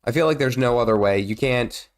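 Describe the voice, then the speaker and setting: A man's voice: medium pitch, a little fast. Congested man chatting through a game stream. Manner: rambling, chatty, exclaims at the game. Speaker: gaming streamer. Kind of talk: casual live gameplay commentary.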